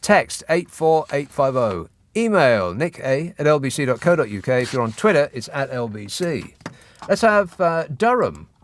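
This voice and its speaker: A man's voice: medium pitch, very animated, normal speed. A man hosting a radio phone-in show, reading out news with sardonic, mocking asides. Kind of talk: satirical news commentary. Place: radio studio. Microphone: studio microphone.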